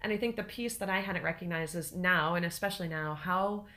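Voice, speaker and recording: A middle-aged woman co-hosting a casual podcast conversation. She talks reflectively and becomes animated when she quotes herself. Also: lowish voice, brisk. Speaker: podcast co-host.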